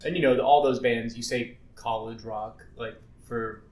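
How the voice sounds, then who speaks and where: A man's voice: mid-range voice, steady tone, a little slow, darkish tone. A man co-hosting a podcast in a casual chat, rambling with many fillers. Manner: rambling, many "like"s, music talk. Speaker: podcast co-host. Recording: roomy echo.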